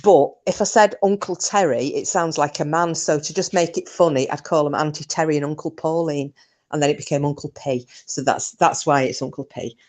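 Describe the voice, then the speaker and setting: An older woman chats casually with her live viewers, laughing easily and picking up their comments as she goes. Her voice sits on the low side, and she is relaxed and talkative. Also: brisk. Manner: chatty, laughs often, reads out viewer comments. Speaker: livestream host.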